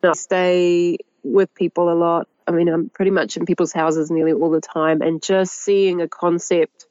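A woman's voice: lowish voice, dry recording. Laughing New Zealand woman, muffled call. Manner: animated storyteller who laughs often. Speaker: guest, agroecologist and author. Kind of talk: conversational interview.

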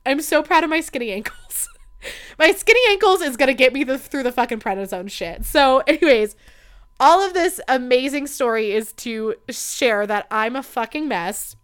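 A woman's voice: sits high, animated, normal speed, a bit bright, clear, resonant tone. Gushing, profane young woman podcaster. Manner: gushing, profane, self-mocking, many "like" fillers. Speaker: podcast host. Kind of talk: casual storytelling monologue.

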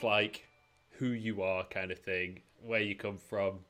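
Lower-pitched man hosting a casual chat. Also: unhurried, sharp tone, clear, resonant tone. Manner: chatty, jokey, filler-heavy. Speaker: podcast host and esports caster. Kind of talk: casual chat over drinks.

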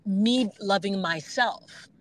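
A woman guest talking earnestly and reflectively about her faith, now and then bursting into animated bits, speaking from her car over a Bluetooth phone link. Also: mid-range voice, takes it slowly, no room sound, low-quality recording. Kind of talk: candid faith conversation. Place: driving in a car.

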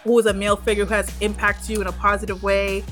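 A woman in her twenties co-hosting a podcast, chatting casually and bluntly, quick to agree and crack jokes. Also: medium pitch, level tone, fairly bright tone, faint music behind. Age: 20s. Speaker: podcast co-host. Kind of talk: casual chat.

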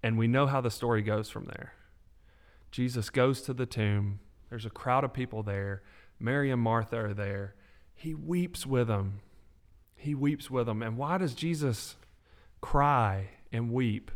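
A man co-hosting a faith podcast, talking with animated, preacher-like emphasis. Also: mid-range voice, a little slow. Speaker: podcast co-host.

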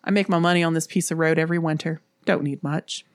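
A woman's voice: sits low, steady tone, fast talker, no room sound, studio quality. A woman voicing a weary older male snowplow driver who speaks in plain, terse country talk.

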